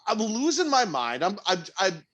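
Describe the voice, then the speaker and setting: This co-host's voice sits high, and he talks at a normal speed while telling a frustrating story from work. It's casual chat, but he's animated and exasperated, cursing freely as his voice jumps in disbelief and rises almost to shouting.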